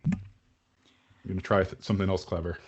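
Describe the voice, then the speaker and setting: A man's voice: low voice, fairly even intonation, moderate pace, dull audio, noisy background. A man running a tabletop game as game master, describing scenes loosely with many fillers.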